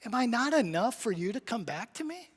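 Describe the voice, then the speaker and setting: A man's voice: extremely high pitch, sing-song, fairly quick, breathy edge, full character voice. A man preaching a sermon who voices God as a sorrowful, tender figure repeating one aching question. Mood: pleading. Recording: long church reverb.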